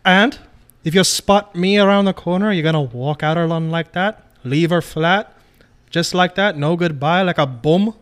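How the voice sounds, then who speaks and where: A brash, intense cop who leans in hard and loud , as a man puts him on. The voice is a touch high and pushed, with a rough mock Irish-British accent. Profane and played for laughs as a screen read. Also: fast, hardly any pauses, lightly acted. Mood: challenging. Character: intense, brash male cop confronting a thief.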